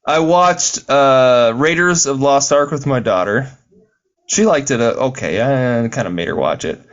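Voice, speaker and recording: A man's voice: mid-range voice, a little slow, dull audio. A man co-hosting a podcast, chatting casually about films in a playful, teasing, enthusiastic way. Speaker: podcast co-host. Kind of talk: casual film chat.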